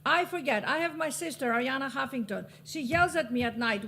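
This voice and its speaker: A woman's voice: high voice, brisk, gravelly, few pauses, sharp tone. A middle-aged woman from Greece giving an impassioned motivational talk on a panel, exhorting the audience and sometimes laughing at her own lines. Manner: passionate, preachy, laughing asides. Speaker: panelist and author.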